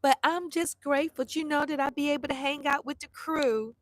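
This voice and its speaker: A middle-aged woman vlogger telling a story to her live chat in a blunt, animated way, swearing freely and acting out the people she quotes. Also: high-pitched, fairly quick, dry recording.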